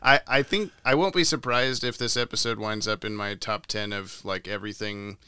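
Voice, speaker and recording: A young man co-hosting a podcast chats casually, laughing often and trying out funny voices. His lowish voice is bright and forceful, moving at normal speed.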